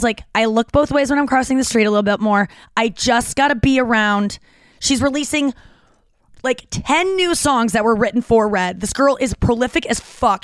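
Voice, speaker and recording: Woman, comedian, podcast host, rambling storytelling, curses, dry close mic. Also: dry recording. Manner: rambling, animated, swears freely, acts out quotes in a high voice.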